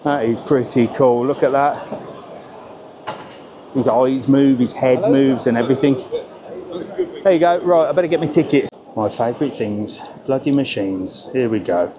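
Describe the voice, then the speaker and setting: A man's voice: mid-range voice, normal speed, pauses often, a crowd in the background. A man from Birmingham with a Brummie accent, vlogging casually on the move through train stations, chatty and grumbling, swearing offhand. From Birmingham area, England. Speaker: travel vlogger. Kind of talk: casual vlog. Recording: noisy station ambience.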